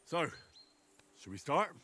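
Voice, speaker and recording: A man's voice: on the high side, big pitch swings, slow pace, bright, forceful tone, husky, full character voice. An actor playing a wry young commoner swordsman in a video game, with dry replies.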